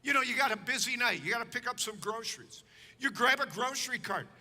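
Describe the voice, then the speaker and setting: A very high-pitched male pastor from Chicago delivers his sermon as an animated, humorous story. His voice is sharp and bright. It rings out with a long reverb through a large church. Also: fast. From Chicago, United States. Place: church sanctuary.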